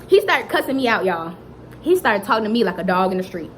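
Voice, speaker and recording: A young woman vlogger telling a dramatic personal story in a lively, chatty way, often turning to address her viewers. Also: mid-range voice, quick pace, slight background noise, poor audio. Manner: animated, dramatic retelling that keeps addressing viewers directly. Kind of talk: storytime vlog.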